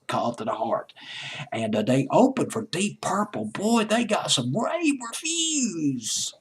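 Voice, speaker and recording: A man talks through an old song countdown in a loose, chatty way. He rambles and fixes his own slips as he goes. His voice is husky, and his pitch sits in the middle of the male range. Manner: rambling, chatty, self-correcting. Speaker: music countdown host. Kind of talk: casual spoken countdown commentary.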